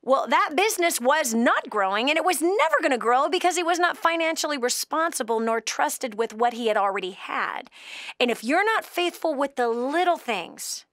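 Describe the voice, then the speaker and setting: Blunt, high, scolding woman advice host. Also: very animated, moderate pace, no room sound, clean studio sound. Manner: blunt, scolding, emphatic, swings from loud to hushed. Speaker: radio show host giving financial advice to a caller. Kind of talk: call-in advice show.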